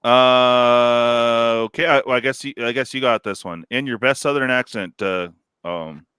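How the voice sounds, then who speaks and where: A middle-aged man hosting a casual podcast chat, relaxed and laughing, with lots of fillers. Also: medium pitch, a little slow, clean tone, dry recording, clean studio sound. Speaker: host.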